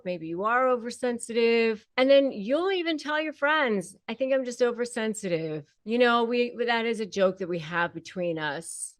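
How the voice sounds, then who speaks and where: A woman's voice: fairly high pitch, no room sound. A woman hosting an advice talk, speaking emphatically and repeating points to rally the viewer. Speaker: host and self-help coach on narcissistic abuse. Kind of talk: direct-to-camera advice talk.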